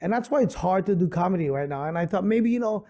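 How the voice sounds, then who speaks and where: Gravelly-voiced man telling stories. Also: high-pitched, fast. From Hawaii. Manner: animated storyteller, many fillers. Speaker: comedian and guest. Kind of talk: casual interview storytelling. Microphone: studio podcast mic.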